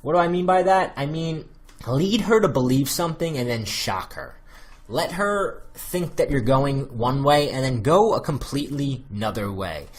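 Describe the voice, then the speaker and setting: A man with an American accent talks through dating advice in a relaxed, rambling way. His voice is husky and a little breathy, sitting at an ordinary male pitch. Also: moderate pace. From United States. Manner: loose and chatty, many fillers. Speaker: dating coach. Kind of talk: casual spoken advice monologue.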